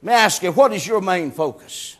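A preacher with a strikingly high voice and a drawl. He tells a homespun story in a loose, folksy way and climbs into shouted preaching. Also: animated, fairly quick. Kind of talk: sermon.

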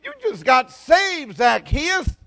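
High-voiced guy preaching, gets loud then drops real quiet, dramatic. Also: very animated, slow, faint music behind. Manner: dramatic, swings between loud and soft. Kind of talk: sermon.

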